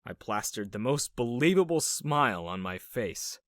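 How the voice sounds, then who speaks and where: A man's voice: mid-range voice, very animated, normal speed, dry recording, clean studio sound. Wry young man narrating dramatically. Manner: wry and dramatic, with sarcastic asides. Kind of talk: scripted first-person storytelling.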